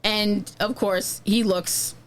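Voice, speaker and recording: A woman co-hosting a podcast, talking through an old film in a loose, chatty way. She is frank and lively and often breaks into asides. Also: mid-range voice, slow. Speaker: podcast co-host. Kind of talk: casual film review chat.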